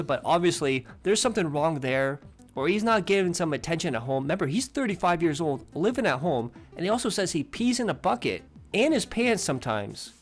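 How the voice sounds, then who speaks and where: Scornful man narrating commentary. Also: on the high side. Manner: scornful, mocking. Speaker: commentary channel host.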